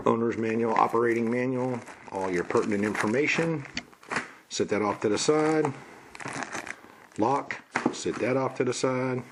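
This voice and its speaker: A man's voice: medium pitch, moderate pace, noisy background. A man casually walking through an unboxing, listing parts in a plain, matter-of-fact way. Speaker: gun reviewer.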